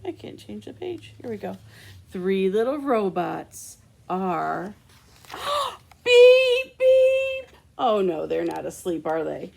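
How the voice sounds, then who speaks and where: A woman, a children's librarian, reading a picture book aloud with expressive asides to children. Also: on the low side, a little slow, creaky.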